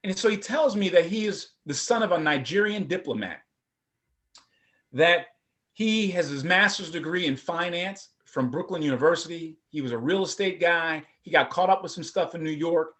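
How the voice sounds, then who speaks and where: A middle-aged man, a former prosecutor, telling his personal story at a forum in a lively, conversational way. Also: a little high, normal speed. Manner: animated, conversational, acts out voices.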